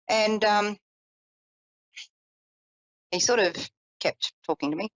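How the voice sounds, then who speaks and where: A woman psychic telling a personal story in a chatty, animated way, with self-deprecating asides. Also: mid-range voice, slow pace, pauses often, no echo, highs cut off. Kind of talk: personal storytelling on a live call-in show.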